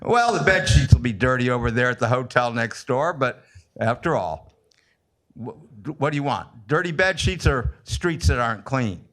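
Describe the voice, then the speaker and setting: A man's voice: mid-range voice, expressive, normal speed, a bit bright. A man giving a crude, mocking, sarcastic public comment at a city council meeting.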